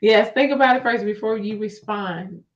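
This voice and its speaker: A woman co-hosting a faith talk show in casual chat, telling stories with lively acted-out quotes and frequent laughs. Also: medium pitch, normal speed. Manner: lively storytelling, acts out quotes, laughs often. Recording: distant, dull lo-fi mic.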